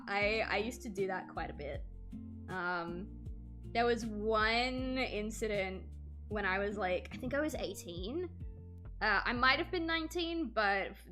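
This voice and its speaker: A woman's voice: medium pitch, animated, measured pace, pushed and bright, soft background music. A woman in her twenties chatting casually with her stream while drawing, telling stories with many "like" fillers.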